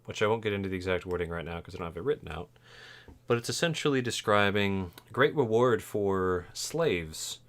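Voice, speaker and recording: A man narrating as game master in a tabletop game, relaxed and rambling, with fillers and chuckles. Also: deep voice.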